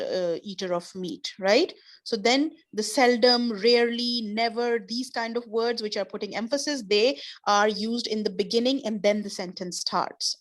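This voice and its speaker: A woman teaching an online class, explaining patiently with repeated examples. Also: fairly high pitch. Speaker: English teacher.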